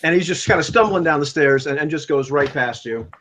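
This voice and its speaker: A man's voice: on the high side, brisk, a bit bright, a little hiss or hum. A man narrating a tabletop role-playing game as game master, rambling with many fillers and chuckling often. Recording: dull lo-fi recording.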